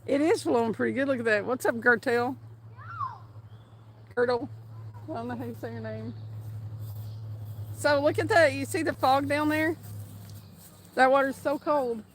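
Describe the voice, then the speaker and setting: Chatty high-voiced woman outdoors. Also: normal speed, pauses often, slight background noise. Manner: chatty, laughs often, reads viewer names aloud. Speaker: fishing livestream host. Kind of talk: casual live-stream chat. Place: outdoors by a fast trout stream.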